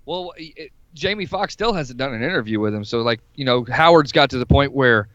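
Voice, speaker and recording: A man's voice: mid-range voice, expressive, brisk, fairly bright tone, dry recording. A man co-hosting a crude podcast chat, blunt, profane and matter-of-fact. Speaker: podcast co-host. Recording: dull dry lo-fi mic.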